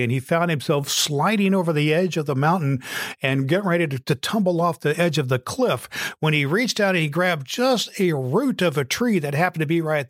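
Male podcast host: earnest, drawn-out storyteller, fairly high and dry. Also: no room sound. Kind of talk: podcast talk and joke telling.

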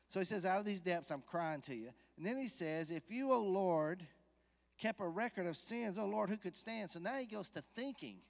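A man preaching a sermon to a church congregation in a conversational way, putting questions to the listeners and rising to loud, emphatic peaks. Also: medium pitch, long reverb tail. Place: church sanctuary.

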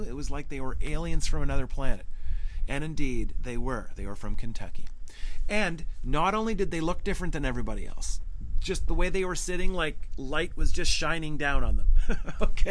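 A man from Canada, hosting a podcast, telling a personal story in a casual, animated way, laughing often and acting out the voices he quotes. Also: fairly high pitch, a little fast, a little hiss or hum, rough recording. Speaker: podcast host. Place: lakeside cottage.

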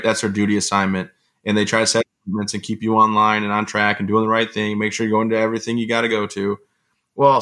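A man telling stories as an interview guest, in an animated, rambling conversational way. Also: fairly low pitch. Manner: fast, animated storytelling with rambling asides. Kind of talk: conversational storytelling.

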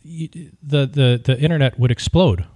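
There's no echo or room sound in this close, dry recording of a mid-pitched male podcast host. At normal speed, he shares a casual story with wry opinions and a lively delivery.

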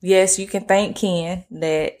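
Solo podcast host, woman, a bit low-pitched, monotone and easygoing, swears freely. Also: takes it slowly. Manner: self-described monotone delivery; relaxed, slangy, swears casually. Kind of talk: casual solo podcast chat.

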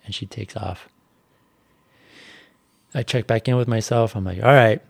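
A man's voice: on the low side, steady tone, measured pace, creaky, a little mellow, husky, no room sound. A man, a bike racer, telling a personal story on a podcast in a candid, reflective way with lots of fillers. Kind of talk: casual podcast conversation.

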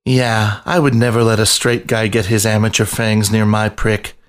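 A man's voice: fairly low pitch, flat delivery, normal speed, lightly acted. A man voicing a big, brawny male panther in a spoken story, with a smug, purring manner.

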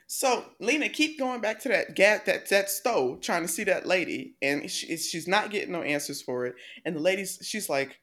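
A woman's voice: on the low side, normal speed, few pauses. A woman co-hosting a podcast who casually recaps a film in blunt, profane slang. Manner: animated retelling with acted quotes, frequent laughter. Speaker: podcast co-host reviewing a film. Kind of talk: casual chat.

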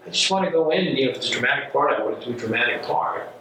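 A man's voice: medium pitch, rapid-fire, far from the mic. Rambling man in an echoey room. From New York. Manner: rambling, animated storyteller, acts out quotes. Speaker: working actor, guest. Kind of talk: casual conversation. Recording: echoey room from off mic, faint ambience.

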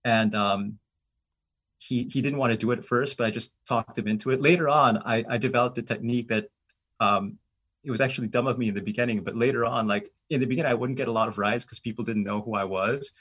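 A man's voice: mid-range voice, fast talker, slightly rough. A middle-aged American man telling travel stories in casual, rambling conversation, full of fillers and restarts. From United States. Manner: rambling, animated anecdotes with many fillers. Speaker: guest.

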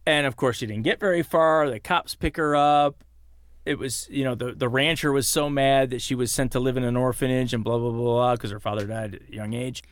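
A man's voice: mid-range voice, brisk, no room sound, clean studio sound. A man in his forties, a podcast co-host, eagerly retelling film scenes in casual chat. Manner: animated storyteller, retells scenes with excitement.

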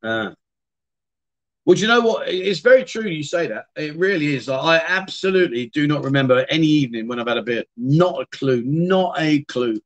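A man's voice: a little high, lively intonation, quick pace, fairly bright tone, dull audio. A middle-aged man hosting a casual livestream, rambling and chatting as he answers viewers' comments. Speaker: livestream host. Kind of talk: casual live-stream chat.

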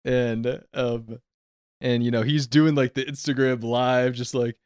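A man's voice: medium pitch, measured pace, no echo, clean studio sound. A young adult man co-hosting a podcast, telling rambling anecdotes in casual chat. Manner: animated, rambling anecdotes with frequent laughs. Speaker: podcast co-host.

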